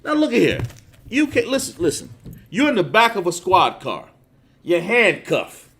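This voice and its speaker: A man preaching a sermon over a phone livestream, reading scripture with heavy drawn-out stresses and chatting with viewers. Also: high voice, huge pitch swings, fairly bright tone, slight background noise. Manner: emphatic, drawn-out stresses, chats with viewers between verses.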